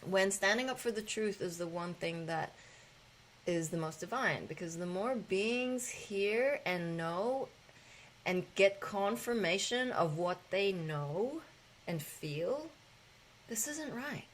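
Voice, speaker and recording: A woman's voice: mid-range voice, animated, slow, slight background noise, low-quality recording. A woman hosting a casual spiritual gathering, talking in a loose, rambling way with fillers and the odd swear.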